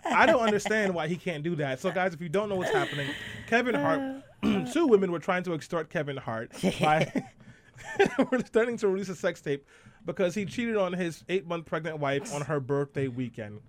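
A man hosting a casual panel chat, teasing his co-hosts with quick jokes. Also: high voice, very animated, a little hiss or hum. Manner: joking, teasing, quick banter. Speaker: podcast host.

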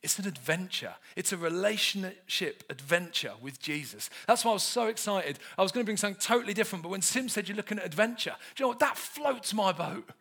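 A male preacher in his thirties, delivering a humorous sermon. His voice sits high for a man and swings widely in pitch. He tells animated, self-mocking stories. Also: fast talker, few pauses.

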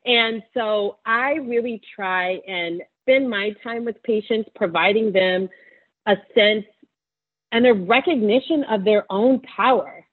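A woman's voice: medium pitch, takes it slowly, phone-quality sound. A woman physician answering an interview question, teary and passionate, speaking with encouraging conviction. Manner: passionate, warm-hearted, preaching encouragement. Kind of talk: interview answer, emotional testimony.

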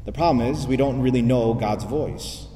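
A man's voice: medium pitch, normal speed, warm tone, far from the mic, slight background noise. A man, a priest, preaching a sermon, repeating phrases and asking rhetorical questions. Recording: echoey hall, voice from afar.

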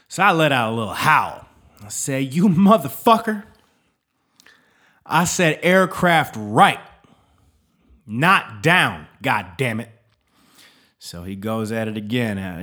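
A man's voice: medium pitch, a bit bright. A man hosting a podcast, telling a casual, rambling story with lots of swearing and restarts, often checking in with "all right?". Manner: profane, rambling, with frequent restarts. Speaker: podcast host, military veteran.

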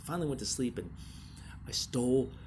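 A man hosting his own show, telling prank stories in a casual, animated way and acting out the quotes in high voices. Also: brisk, background noise. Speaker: podcast host. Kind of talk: casual storytelling monologue.

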